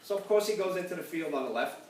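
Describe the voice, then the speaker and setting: High-voiced older man telling jokes from afar. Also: lively intonation, fast. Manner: laughs at own punchlines. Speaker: comedian at a church gathering. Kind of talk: stand-up joke telling. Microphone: phone camera across the room. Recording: echoey room, far from the mic, loud background noise.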